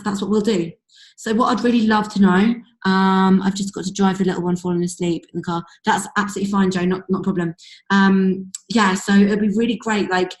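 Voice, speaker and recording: A woman's voice: mid-range voice, darkish tone. A woman with a strained voice leading a group video call, giving a rambling, gushing motivational pep talk. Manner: gushing, rambling, lots of likes and ums. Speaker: team leader hosting a group call. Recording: roomy echo on a call.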